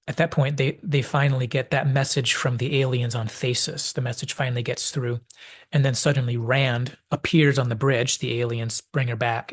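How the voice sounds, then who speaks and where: A man hosting a video essay, reflectively analyzing a classic TV episode and thinking aloud as he goes. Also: medium pitch.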